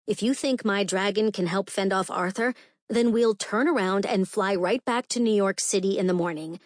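A woman's voice: medium pitch, moderate pace, no room sound, lightly acted. A woman reading the part of a commanding, protective vampire queen who speaks to her sister firmly and fiercely, recorded dry and close. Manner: firm and fierce.

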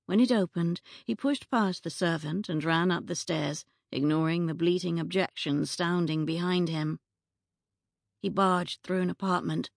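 A female audiobook narrator with a lowish voice, reading in a measured, even way. The sound is bone dry and close, with no room around it. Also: creaky, dry recording. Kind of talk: scripted narration. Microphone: studio mic, close.

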